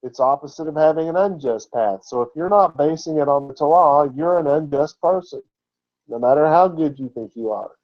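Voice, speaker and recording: A man's voice: a little high, moderate pace, muffled recording. A man giving an informal, conversational sermon as a Bible teacher, often asking rhetorical questions.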